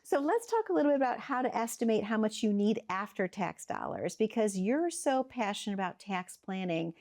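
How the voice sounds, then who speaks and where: A woman's voice: mid-range voice, animated, fairly quick, darkish tone. Woman co-host, mid-range voice, affirming, prompting questions. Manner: affirming, asks leading questions. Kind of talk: casual talk-show chat.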